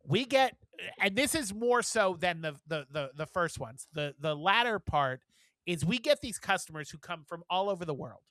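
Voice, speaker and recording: A man co-hosting a podcast, telling work stories in a casual, animated way and acting out what people said with big swings in voice. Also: moderate pace, dry recording. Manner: animated, acts out quotes with big jumps in pitch and volume. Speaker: podcast co-host. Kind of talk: casual storytelling chat.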